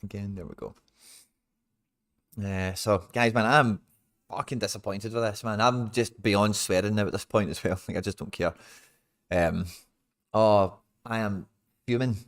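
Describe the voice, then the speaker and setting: A young Scottish man with a fairly low voice hosts a live football watch-along into a desk microphone. He rants in exasperation and swears freely, breaking into sudden loud outbursts. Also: measured pace, pauses often.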